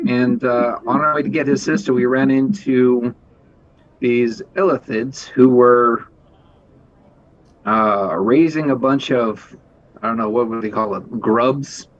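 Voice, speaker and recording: Offhand male player, lo-fi sound. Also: mid-range voice. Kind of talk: casual tabletop game talk. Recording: dull lo-fi recording.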